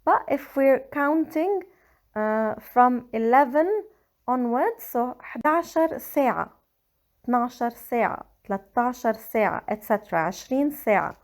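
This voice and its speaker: A woman with a Lebanese accent, slowly and carefully explaining grammar in a language lesson. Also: fairly high pitch, lively intonation. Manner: slow, careful explaining with Arabic examples. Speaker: Arabic teacher. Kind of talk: scripted language tutorial.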